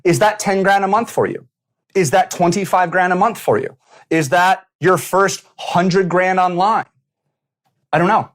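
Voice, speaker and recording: A man hosting a business coaching show, talking in a punchy, animated way and acting out little quotes. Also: sits high. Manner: punchy, animated, casual swearing, acts out quotes. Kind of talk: energetic motivational talk to camera. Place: San Diego.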